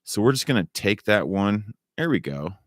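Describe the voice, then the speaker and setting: A man's voice: on the low side, big pitch swings, moderate pace, no room sound, clean studio sound. A man rambling through a solo monologue, wandering and repeating himself and swearing casually. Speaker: vlogger.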